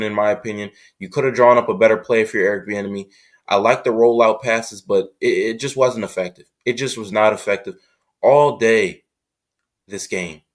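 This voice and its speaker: Fed-up man ranting about his team. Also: lowish voice. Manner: frustrated, repetitive, emphatic. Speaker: sports show host. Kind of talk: fan commentary rant.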